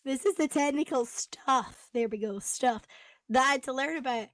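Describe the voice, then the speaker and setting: High-voiced woman with a strained, fading voice. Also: normal speed, heavy background noise. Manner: giggly, self-mocking. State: losing her voice after a concert. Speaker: guest on a call. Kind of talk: casual chat.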